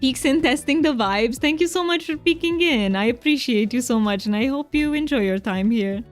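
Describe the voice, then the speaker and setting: A chatty woman with a Romanian accent she leans into on purpose, streaming a game and chatting with her viewers. Her voice sits a little high, and she talks to chat kindly and laughs often. Soft music plays faintly under her. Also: expressive, moderate pace. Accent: Romanian, played up for fun. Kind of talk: casual live-stream chat while gaming.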